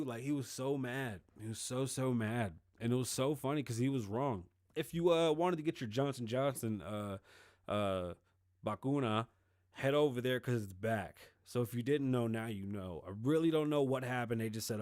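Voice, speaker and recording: A middle-aged man hosting his own show, talking loose and sarcastic, with plenty of swearing and the dry mouth of someone who says he is high. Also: normal speed, darkish tone, no room sound. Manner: loose, rambling, profane and sarcastic. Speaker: show host. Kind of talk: casual political commentary.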